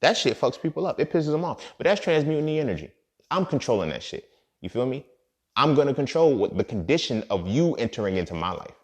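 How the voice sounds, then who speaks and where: A man's voice: mid-range voice, very animated, quick pace. A young man talking casually on his podcast in a streetwise, profane way, often asking "you feel me". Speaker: podcast host. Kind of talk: casual monologue.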